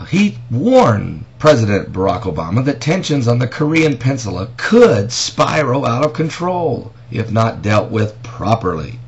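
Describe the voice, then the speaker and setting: A man's voice: medium pitch, sing-song, measured pace, gravelly, hardly any pauses. Man preaching current events, rhetorical jabs. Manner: emphatic, with pointed rhetorical questions. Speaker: pastor and prophecy commentator. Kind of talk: casual news commentary vlog. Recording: dull lo-fi audio with faint noise.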